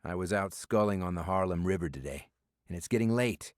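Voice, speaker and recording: A man's voice: low-pitched, animated, fairly quick, clean tone, dry recording. A man voicing a reserved, weary male spy who answers in dry, understated lines.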